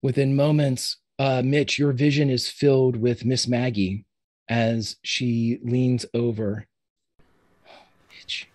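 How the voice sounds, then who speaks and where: A man narrating as game master of a tabletop game, describing scenes in a relaxed way with fillers. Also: mid-range voice, slow pace.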